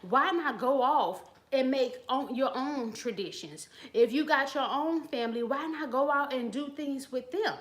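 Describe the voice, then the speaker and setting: Streaming live from her phone, a woman with a high voice bluntly preaches advice in slangy, casual talk and greets viewers in the chat. She keeps a measured pace with few pauses.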